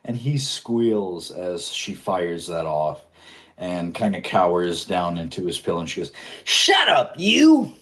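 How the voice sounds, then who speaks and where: A man narrating as game master of a tabletop game, lively, with loose fillers. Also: low-pitched, measured pace.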